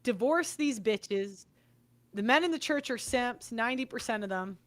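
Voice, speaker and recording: A woman's voice: fairly high pitch, lively intonation, moderate pace. A young woman hosting a podcast, delivering an angry, profane monologue and repeating her points. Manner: swearing, ranting, repeats herself. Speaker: podcast host.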